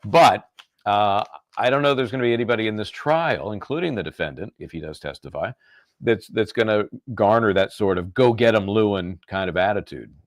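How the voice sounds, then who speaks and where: A man's voice: fairly low pitch, fairly quick, no room sound. A man from California co-hosting a live legal show, commenting easily and chuckling as he thinks aloud. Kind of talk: casual chat about a trial.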